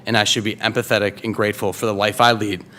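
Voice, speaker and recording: A man's voice: lowish voice, flat delivery, fast, noisy background. A man in his thirties from Wisconsin telling a true story at a live story slam, casual and loose, with lots of fillers and restarts. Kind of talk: live first-person storytelling. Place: live stage before an audience.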